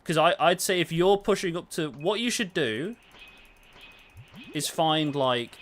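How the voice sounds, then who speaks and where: A man's voice: a little high, unhurried, slight background noise. A young man streaming a game, chatting casually with his viewers, answering their questions and swearing now and then. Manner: relaxed, swears casually, answers chat while playing. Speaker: gaming livestreamer. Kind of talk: casual livestream chat.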